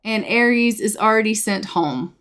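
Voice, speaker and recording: This woman's casual gameplay narration of a life-sim game is chatty and upbeat, full of repeated filler phrases. Her medium-pitched voice is animated and fairly bright, at normal speed.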